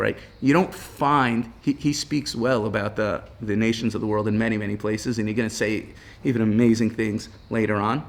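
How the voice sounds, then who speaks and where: A man teaching an informal Torah class, reading Hebrew passages and explaining them in casual English, often asking "right?" and laughing as he goes. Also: mid-range voice. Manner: casual, peppered with "right?" and "you know"; reads Hebrew text aloud, then explains it in English.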